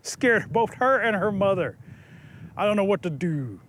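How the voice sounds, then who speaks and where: A shy young man, hopelessly in love, pleading earnestly in a fairly high voice, as a man storyteller plays him. His lines come across plaintive and sincere. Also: sing-song, a little slow, a bit bright, slight background noise, exaggerated voice.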